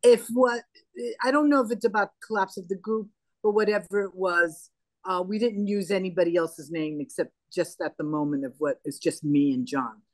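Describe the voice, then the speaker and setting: A woman's voice: fairly low pitch, steady tone, normal speed, no echo. An older woman as an interview guest, retelling past events in a conversational, anecdotal way and acting out the dialogue. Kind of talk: conversational storytelling.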